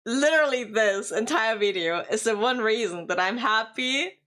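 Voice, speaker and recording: A woman's voice: on the high side, animated, normal speed, bright, forceful tone. Laughing woman streamer. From Germany. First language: German. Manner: rambling, laughs often, swears casually. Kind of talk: casual reaction stream chat.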